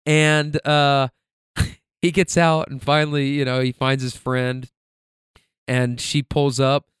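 Man, podcast host, casual storytelling, swears a lot, rambling fillers, smooth clear voice, dry close sound. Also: medium pitch, level tone, slow pace, no room sound. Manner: laid-back, profane, filler-heavy rambling.

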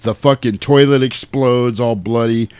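A man's voice: medium pitch, measured pace, clean tone, dry recording. A man in casual chat, telling a movie plot scene by scene, acting out the quotes and swearing freely. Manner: animated storytelling, acts out quotes, swears freely.

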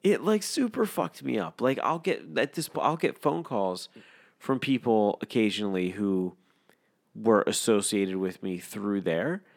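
A man's voice: fairly low pitch, measured pace. A young man telling a story in casual podcast chat, swearing constantly and mimicking the people in it. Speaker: podcast co-host.

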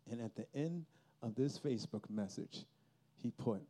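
A man's voice: medium pitch, animated, moderate pace, dark tone. A man giving a personal testimony at a Christian youth festival, telling his story earnestly and with feeling.

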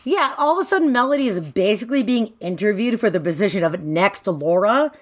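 A woman's voice: mid-range voice, lively intonation, fairly quick. A woman co-hosting a casual book recap, laughing often and mocking the characters in put-on voices. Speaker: podcast co-host.

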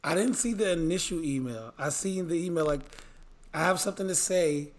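Male podcast co-host, a bit high-pitched, soft and sheepish, faint noise behind. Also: a little fast. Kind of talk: casual chat. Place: at home.

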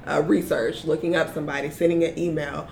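A young woman, a small business owner, chatting casually as an interview guest, animated and laughing often. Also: deep voice, a little fast, vocal fry, a little hiss or hum.

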